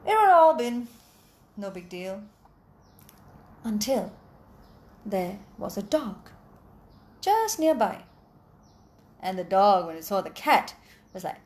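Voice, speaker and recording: A woman telling a folk tale aloud in an animated, expressive way, adding sound effects. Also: mid-range voice, measured pace, pauses often. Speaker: storyteller. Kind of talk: oral storytelling.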